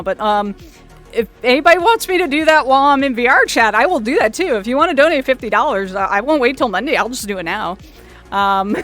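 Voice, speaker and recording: A woman hosting a casual livestream, chatty and quick to laugh, often stumbling and restarting her words. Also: on the high side, a bit bright. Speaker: streamer host.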